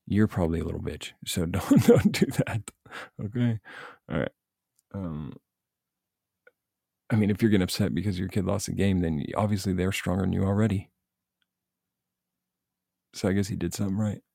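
A man's voice: low voice, creaky, breathy edge, no echo, clean studio sound. A man giving blunt, profane coaching advice in a casual rant, speaking as a youth baseball coach and parent. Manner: blunt, profane, animated venting.

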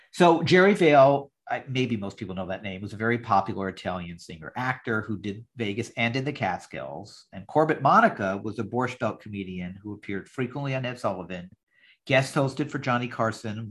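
Brief: podcast host, man, lowish voice, measured recap over a video call. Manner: reads script lines aloud, measured. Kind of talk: casual chat recapping an episode.

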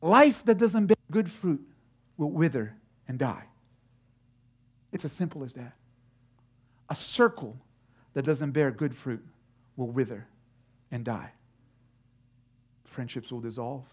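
A pastor in his thirties preaches with animated storytelling. His voice sits mid-range, and he stumbles through fillers and restarts as he builds toward his point. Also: medium pitch, takes it slowly, long pauses, husky. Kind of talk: sermon.

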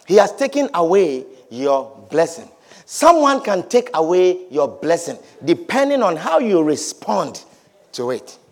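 A man preaching a sermon, repeating his points emphatically and swinging between loud declarations and hushed low lines. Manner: repetitive, emphatic, swings from shouts to low murmurs.

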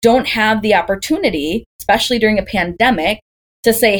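The Wisconsin doula, a woman in her thirties from Green Bay, USA, talks fairly quickly in a medium-pitched voice. On this casual podcast she's conversational, full of anecdotes and rhetorical questions.

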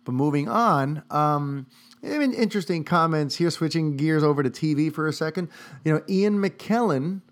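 A man's voice: a little high, normal speed. A man hosting a podcast, talking casually and animatedly on his own, with many fillers. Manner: animated, talkative, many "you know" fillers. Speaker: podcast host. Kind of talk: casual solo commentary.

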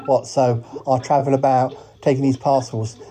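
A man's voice: medium pitch, level tone, moderate pace, warm tone, natural voice. A man voicing a cheerful, polite talking duck that adds quack, quack, quack to his sentences. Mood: eager. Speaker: podcast character.

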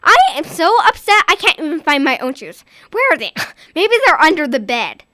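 A woman voicing an exasperated mother who scolds her daughter in a high, rising voice. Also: a little fast, fairly bright tone, dry recording, studio quality. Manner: scolding, rising to shrill alarm. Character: exasperated mother, later frightened.

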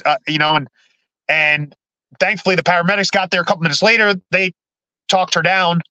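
A man with a high, sharp, bright voice shares his personal story as a podcast guest. He talks haltingly, often restarting and repeating words before pushing on. The sound is dry and close, with no room around it. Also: steady tone, dry recording, rough recording.

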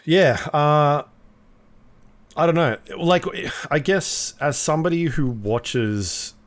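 A man's voice: on the high side, lively intonation, slow pace. A man co-hosting a podcast, easygoing and full of questions as he chats. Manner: easygoing, asks lots of questions. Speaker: podcast co-host. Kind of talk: casual chat.

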